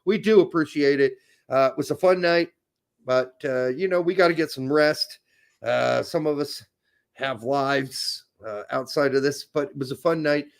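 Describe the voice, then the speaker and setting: A man's voice: on the high side, moderate pace, vocal fry. A man hosting a casual live stream, joking and teasing his co-host.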